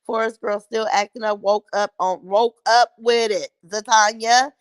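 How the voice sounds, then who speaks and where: A woman's voice: a little high, fairly even intonation, a little slow, no room sound. A middle-aged woman hosting a livestream, chatting casually with viewers and trash-talking bluntly. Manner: blunt, mocking trash talk. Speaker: livestream host. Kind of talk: casual chat reacting to live viewer comments.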